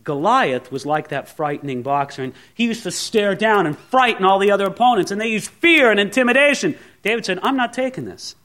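A pastor preaching a sermon with animated, theatrical storytelling. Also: male voice, sits high, brisk, few pauses.

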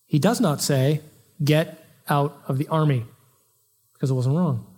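A man preaching an expository sermon from the pulpit, in a conversational and animated way, acting out the lines he quotes. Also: a little high, a little slow. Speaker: pastor. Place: church pulpit.

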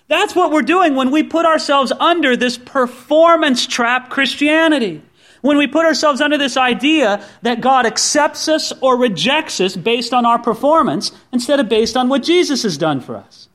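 A man preaching a sermon as pastor, telling the story with lively acted-out voices and asking the listeners direct questions. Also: very high-pitched, measured pace.

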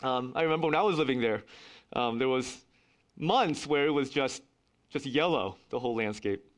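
A man's voice: medium pitch, moderate pace. A middle-aged man preaching a sermon as pastor, earnest and emphatic, with wry asides.

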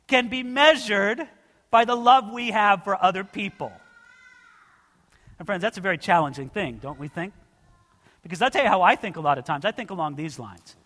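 A man's voice: high-pitched, expressive, moderate pace, fairly bright tone. A man preaching an expository sermon in a church, earnest and direct, often calling his listeners friends. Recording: long reverb of a large hall.

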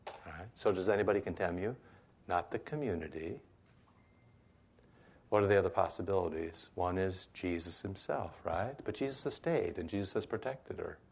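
Conversational, lower-voiced male pastor. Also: moderate pace, breathy edge. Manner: conversational, frequent rhetorical asides, acts out voices. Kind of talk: conversational Bible study teaching.

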